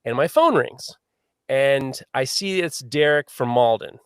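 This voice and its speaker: Animated, cursing storyteller man. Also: mid-range voice, measured pace, clear, resonant tone, dry recording, clean studio sound. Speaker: podcast host. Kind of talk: storytelling on a live podcast.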